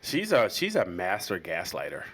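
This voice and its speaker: A man's voice: sits low, huge pitch swings, normal speed, fairly bright tone. A man hosting a casual podcast, prompting his guest with questions and teasing asides. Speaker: podcast host.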